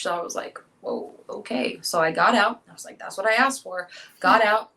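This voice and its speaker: A woman's voice: mid-range voice, moderate pace, vocal fry, bright, forceful tone, poor audio. Young woman recounting a frightening night. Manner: recounts events, acting out quoted dialogue. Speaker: interviewee. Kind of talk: emotional personal account.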